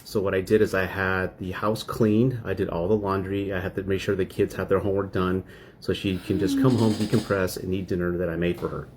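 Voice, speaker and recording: A man's voice: deep voice, level tone, a little fast, darkish tone, a little hiss or hum. A man telling a personal story in casual speech, acting out his partner's complaints. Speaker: interviewee.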